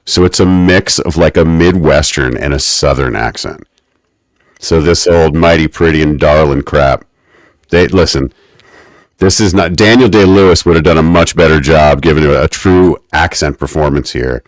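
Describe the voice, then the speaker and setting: Deep-voiced man, wry podcast recap. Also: normal speed, no room sound. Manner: wry, mock-academic ranting. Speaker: podcast co-host. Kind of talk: casual podcast recap chat.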